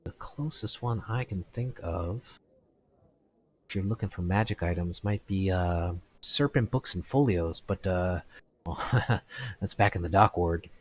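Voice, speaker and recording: A man's voice: deep voice, measured pace, slight background noise. A man voicing a polite, flustered human shopkeeper who stammers and apologizes in a tabletop game. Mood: helpful.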